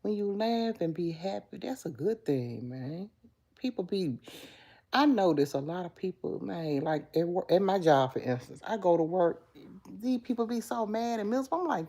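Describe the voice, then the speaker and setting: A woman's voice: fairly low pitch, expressive, normal speed, mellow. A middle-aged woman hosting a casual live stream, talking straight to viewers and answering chat comments. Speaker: livestream host.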